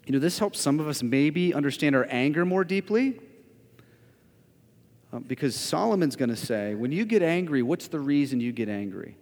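A male pastor preaching a sermon in a church, emphatic, swinging between loud declarations and hushed asides. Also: on the high side, expressive, moderate pace. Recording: long reverb of a large hall.

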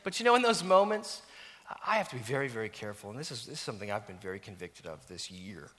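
A middle-aged man preaching a sermon as a pastor, animated and self-mocking, dropping to near-whispers at times. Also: medium pitch, quick pace. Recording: long reverb of a church hall.

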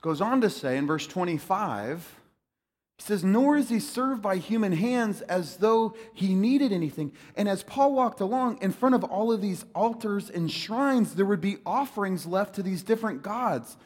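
A man preaching a sermon in an animated, conversational way, mixing jokes with scripture. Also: high-pitched, normal speed, long reverb tail. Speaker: pastor.

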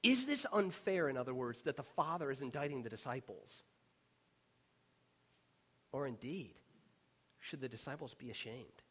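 A man preaching a sermon as pastor, earnest and emphatic, sometimes dropping to a hushed whisper on key words. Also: medium pitch, animated, moderate pace, long pauses, slightly rough.

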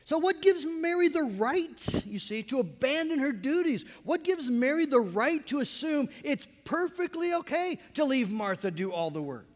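A man preaching a sermon as a pastor, in a conversational, animated way with asides to the congregation. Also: very high-pitched, normal speed, hardly any pauses, big-room sound.

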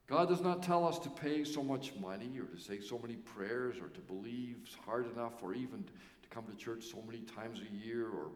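A male pastor preaching a sermon with earnest emphasis and pauses that let key words land. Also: fairly low pitch. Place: church sanctuary. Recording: echoey church hall.

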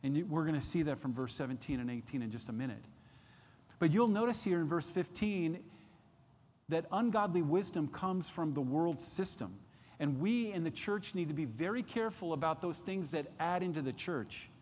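A man preaching a midweek sermon as pastor, emphatic, rising in pitch and force at key points and often restarting phrases. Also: normal speed, a little mellow, long reverb tail. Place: church sanctuary.

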